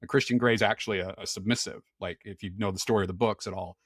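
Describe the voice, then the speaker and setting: A man's voice: fairly low pitch, steady tone, very fast, fairly bright tone, slightly rough, dry recording, clean studio sound. A man talking as a podcast guest in candid, conversational chat. He is frank, often repeats words and restarts, and laughs easily.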